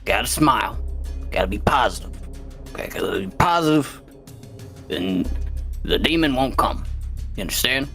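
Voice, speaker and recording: A man voicing a gruff male town guard who lays down rules bluntly and repeats himself. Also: medium pitch, animated, moderate pace, long pauses, pushed and bright, soft background music. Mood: stern. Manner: blunt, repeats rules, half-whispered warnings.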